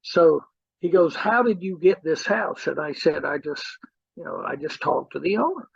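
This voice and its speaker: A middle-aged man teaching real estate as an animated storyteller who acts out the dialogue in his anecdotes. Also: on the high side, moderate pace, vocal fry, slightly rough, no echo, muffled recording. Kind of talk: storytelling seminar talk.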